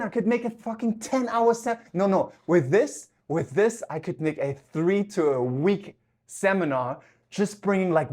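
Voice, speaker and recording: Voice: medium pitch, darkish tone. A life coach giving an intense, emphatic motivational podcast talk while working out, swearing for emphasis. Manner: talks while working out at the gym.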